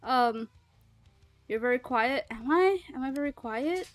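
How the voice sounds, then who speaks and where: A woman's voice: sits high, animated, measured pace, no echo, faint music behind. A woman streamer in casual livestream chat, rambling and chatty and swearing freely.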